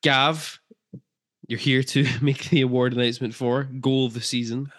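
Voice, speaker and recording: A man's voice: mid-range voice, level tone, moderate pace, fairly bright tone. A man co-hosting a football podcast, chatting casually and jokily with filler ums. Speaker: podcast co-host.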